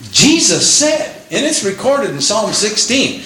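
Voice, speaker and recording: An older man preaching a sermon in a church, animated, rising to exclaim praises, with frequent restarts. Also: high-pitched, measured pace, hardly any pauses. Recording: echoey room with faint hum.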